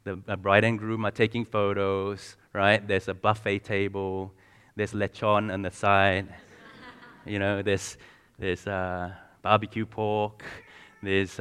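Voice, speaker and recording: A man's voice: lowish voice, fairly bright tone, clean tone, in a large hall. A man preaching a sermon in a conversational way, asking the congregation questions and often restarting and repeating words.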